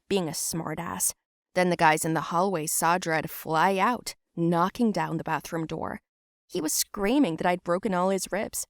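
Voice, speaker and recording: A woman's voice: mid-range voice, gravelly, no echo. Casual: young woman narrating her story plainly, dry close sound. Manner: plain, matter-of-fact storytelling. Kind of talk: scripted first-person storybook narration.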